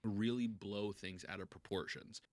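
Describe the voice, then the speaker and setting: Low-voiced man giving calm commentary. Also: no echo. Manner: calm, measured talk. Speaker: content creator in a played video. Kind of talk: talking-head commentary. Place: his bedroom at night.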